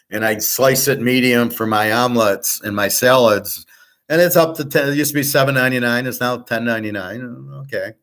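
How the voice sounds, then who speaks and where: A man's voice: medium pitch, a bit bright. A man hosting a casual monologue, talking bluntly and rambling, with the odd swear word. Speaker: host.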